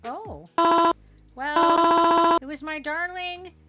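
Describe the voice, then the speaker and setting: A woman's voice: extremely high pitch, extremely slow, pitched above the performer's own voice, exaggerated voice. A woman voicing a grieving mother who is heartbroken and doting, speaking in a tearful, gushing, old-fashioned polite way, with game music behind.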